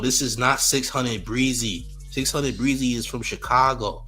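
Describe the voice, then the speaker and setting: A man's voice: medium pitch, fairly even intonation, moderate pace, few pauses, sharp tone, faint music behind. A man hosting a commentary show, reacting in disbelief, repeating himself and laughing between remarks. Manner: incredulous, repeats phrases, laughs often.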